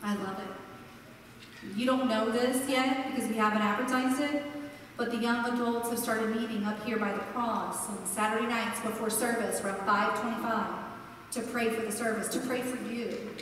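A woman pastor preaches with passion, building emphatic lists one word at a time. Her voice sits high, and it carries from a distance through a long, echoing sanctuary. A faint hum of the room lies underneath. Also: steady tone, normal speed, fairly bright tone. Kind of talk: sermon. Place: large church sanctuary. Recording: echoey hall, heard from far off.

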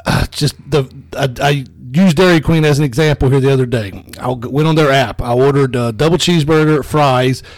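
A man co-hosting a podcast, telling a story in casual comedic chat, animated and swearing. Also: medium pitch, a little fast, hardly any pauses, no echo. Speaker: podcast co-host.

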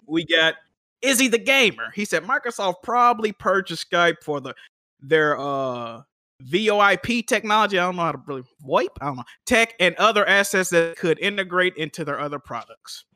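Lively high-voiced man reading chat. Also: normal speed, no room sound, clean studio sound. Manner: laughing, reads viewer comments aloud. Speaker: podcast co-host reading chat. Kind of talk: casual chat.

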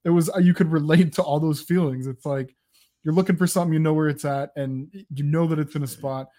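A man speaking a little above the usual male pitch talks through a horror film in a relaxed, reflective way. He repeats phrases while he thinks and sounds casual and conversational. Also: quick pace. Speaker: podcast co-host.

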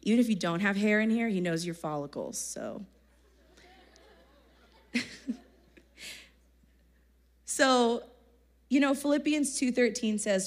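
A young woman giving a casual, energetic sermon at a youth conference, chatty and slangy, often laughing. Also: medium pitch, takes it slowly, long pauses. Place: church conference hall, live audience.

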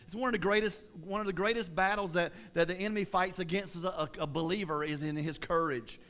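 Man, pastor, high voice, lively sermon talk, restarts. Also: fast talker. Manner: energetic, conversational preaching with many restarts.

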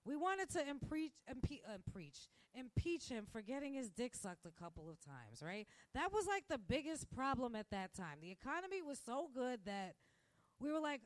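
A woman's voice: sits high, big pitch swings, normal speed, no room sound. A woman hosting a podcast in a casual, rambling rant, recorded in a restaurant where she works. She acts out quoted voices and laughs often. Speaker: podcast host. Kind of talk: casual ranting monologue. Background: faint music.

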